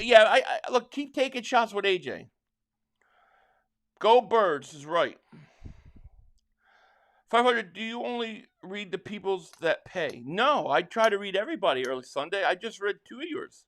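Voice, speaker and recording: A man from Philadelphia hosting a live football watch-along, excitably calling plays and reading viewer chats, stammering on restarts. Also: high-pitched. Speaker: livestream host and fan.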